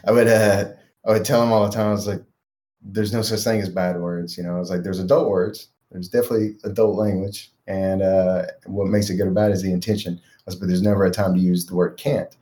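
A man's voice: deep voice, fairly even intonation, brisk. A man, a life coach guest on a podcast, talking earnestly about raising his kids. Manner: earnest, reflective, soft-spoken asides. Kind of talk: casual interview.

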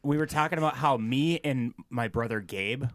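A man's voice: medium pitch, normal speed, a bit bright, no room sound. A man co-hosting a casual podcast, telling stories with restarts and laughter. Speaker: podcast co-host. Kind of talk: casual chat.

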